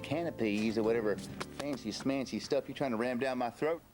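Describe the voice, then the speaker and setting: Middle-aged actor playing a Texan blowhard, folksy drawl, bossy, teasing, music behind. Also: male voice, medium pitch, normal speed, close to an everyday voice. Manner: loud folksy blustering drawl. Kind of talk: kids TV series acting. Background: score music.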